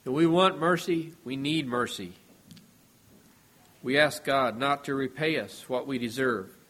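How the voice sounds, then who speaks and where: A man preaching a sermon in a measured, earnest way, his voice dropping softly at the ends of phrases. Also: mid-range voice.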